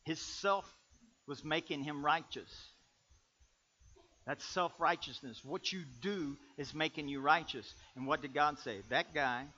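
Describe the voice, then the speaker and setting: Forceful, bright-voiced preacher man. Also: on the high side, measured pace. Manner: dynamic preaching, swinging from loud bursts to quiet asides. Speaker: pastor. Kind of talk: sermon. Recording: dull lo-fi recording.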